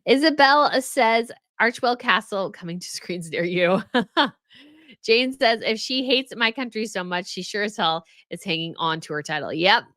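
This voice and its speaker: A woman's voice: medium pitch, lively intonation, moderate pace, fairly bright tone, dry recording, studio quality. Chatty American woman reading live chat. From United States. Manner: chatty, answers viewer comments. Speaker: royal news channel host reading live chat. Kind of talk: casual live-stream chat.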